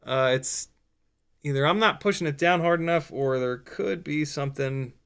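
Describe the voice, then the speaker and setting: A man's voice: a little high, moderate pace, gravelly, a bit bright, clear, resonant tone. A man hosting a livestream, chatting loosely as he works and answering viewer questions, with casual swearing and dry sarcasm. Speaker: livestream host building a drone.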